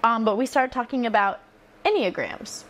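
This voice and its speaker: A young woman with a high voice tells stories in a relaxed podcast chat. She is animated and acts out what people said, often laughing as she goes. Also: normal speed. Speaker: podcast co-host, former teacher. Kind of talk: casual chat, storytelling.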